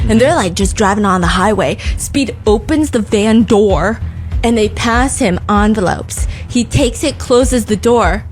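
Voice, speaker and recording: A woman hosting a podcast, telling a story in casual chat, animated, laughing often and swearing casually. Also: mid-range voice, measured pace, faint music behind. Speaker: podcast host.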